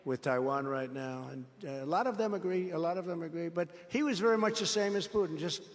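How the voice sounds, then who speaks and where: A man's voice: on the high side, fairly quick, long reverb tail. A man giving an off-the-cuff political rally speech, boastful and repetitive, telling rambling stories in a large indoor venue. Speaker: political speaker.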